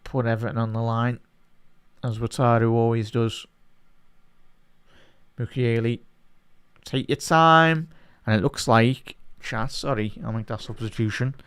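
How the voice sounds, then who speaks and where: A man giving live fan commentary during a football watch-along, talking to his chat and swinging from low muttering to outraged shouts at the referee. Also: steady tone, unhurried, pauses often, clean tone.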